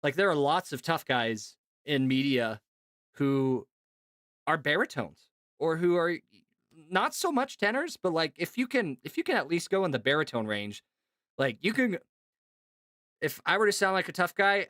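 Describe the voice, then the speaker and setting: A man streaming casually to his chat, talking in an animated, chatty way with lots of fillers and laughs. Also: on the high side, normal speed, no echo, clean studio sound. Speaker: streamer and voice actor.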